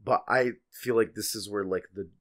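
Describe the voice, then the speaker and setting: A man's voice: fairly low pitch, normal speed. A man co-hosting a casual fan podcast, talking bluntly and offhandedly and swearing casually. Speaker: podcast co-host.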